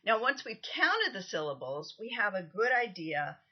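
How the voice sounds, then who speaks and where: A woman lecturing on poetry, reading verses aloud slowly with deliberate, strong stresses. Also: medium pitch, very animated, husky. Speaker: literature lecturer. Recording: dull lo-fi lecture recording.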